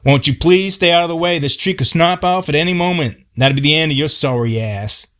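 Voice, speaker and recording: Gruff, short-fused tree-feller, put on by a man; low, blunt and profane in a storytelling read. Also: normal speed, lightly acted. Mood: yelling angry. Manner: blunt, profane, folksy backwoods talk.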